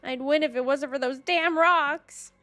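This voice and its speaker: A woman's voice: sits high, measured pace, faint music behind. A woman streaming a game in casual chat, ranting with lots of swearing and breaking into shrieks. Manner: excitable, profane, ranting; bursts into shrieks.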